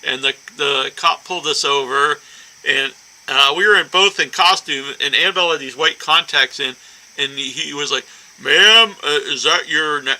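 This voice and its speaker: A man's voice: on the high side, pushed and bright, poor audio. A man hosting a horror podcast, telling stories in a loose, rambling way and laughing often. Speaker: podcast host. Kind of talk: casual chat.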